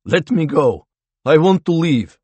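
A man's voice: medium pitch, lively intonation, a little slow, no echo. A man voicing a frightened captive Russian prisoner. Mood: desperate. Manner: strained, pleading, raised voice.

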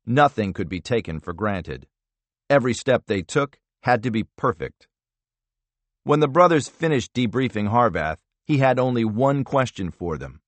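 A man narrating a thriller audiobook in a measured, expressive storytelling manner. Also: mid-range voice, no echo. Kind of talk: scripted narration.

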